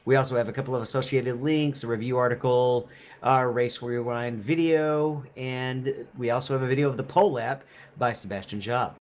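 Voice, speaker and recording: A man with an average-pitched voice reads racing results on a podcast. His delivery is casual, and he breaks off for brief personal asides. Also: steady tone, moderate pace. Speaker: podcast co-host. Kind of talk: casual news rundown.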